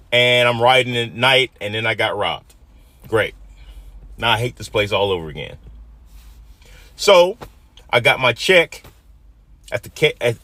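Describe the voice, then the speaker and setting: A man's voice: medium pitch, no room sound. Man in his fifties telling a personal story. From Detroit, USA. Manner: emotional, dramatic retelling that swings from hushed to loud.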